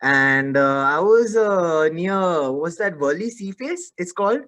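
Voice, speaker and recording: Animated man telling stories. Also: sits high, slow pace. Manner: animated storyteller who acts out the voices in his stories. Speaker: actor and interview guest. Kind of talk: casual interview anecdote.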